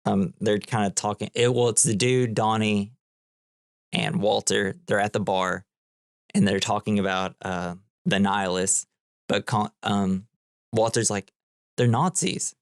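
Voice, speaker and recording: A man's voice: fairly low pitch, level tone, measured pace, no echo, studio quality. A man co-hosting a movie podcast, retelling scenes in a loose, rambling way, full of "like". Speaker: podcast co-host. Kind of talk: casual movie-recap chat.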